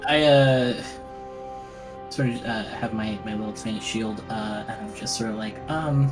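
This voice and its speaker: A man's voice: on the low side, fairly even intonation, moderate pace, music in the background. A man playing a tabletop game, joking and hesitating with fillers. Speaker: player. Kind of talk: casual game chat.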